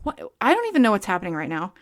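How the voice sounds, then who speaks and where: A woman's voice: mid-range voice, huge pitch swings, very fast. Sarcastic young woman reading aloud. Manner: sarcastic, exasperated asides. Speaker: book reviewer.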